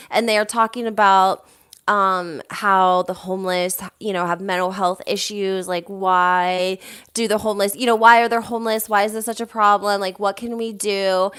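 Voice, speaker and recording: A woman's voice: medium pitch, clear, resonant tone. Chatty woman dishing reality TV gossip. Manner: chatty, animated, full of "like" and "um" fillers. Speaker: reality TV commentary host. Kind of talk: casual gossip chat reading viewer comments.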